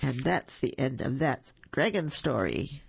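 A woman reads a children's story aloud on a radio reading service, slow and gentle. Her voice is husky with a gravelly edge. The studio recording is dry and somewhat dull. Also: a bass voice, big pitch swings, no room sound. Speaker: volunteer reader for a reading service.

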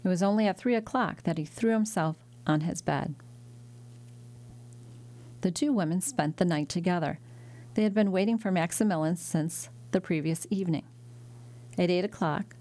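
A woman narrating a classic novel as an audiobook, in a measured, steady reading. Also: on the low side. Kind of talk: scripted narration.

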